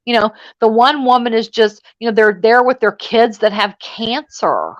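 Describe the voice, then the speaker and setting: A woman in a casual chat, emotional and rambling in quick asides. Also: fairly high pitch, steady tone, highs cut off.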